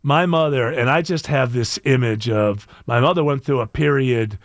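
A man's voice: mid-range voice, moderate pace, no room sound, clean studio sound. A man hosting a radio show, bantering and joking casually with his co-hosts. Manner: joking, laughs often, animated.

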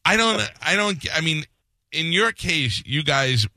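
A man's voice: a little high, animated, unhurried, bright, forceful tone, dry recording, clean studio sound. A middle-aged man, a radio host, telling stories in a casual interview and acting out the voices he quotes.

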